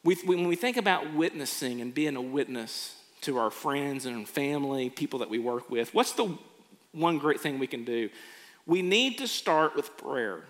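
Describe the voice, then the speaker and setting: A man's voice: medium pitch, expressive, normal speed. A man preaching a sermon, earnestly acting out people's reactions. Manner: earnest, acts out quoted reactions. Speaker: pastor. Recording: long hall reverb.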